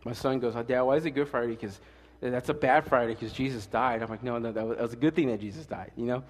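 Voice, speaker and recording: A male pastor preaching a casual, fast-talking sermon with jokes and stories, swinging between loud emphatic lines and quiet asides. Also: mid-range voice, fairly even intonation, in a large hall.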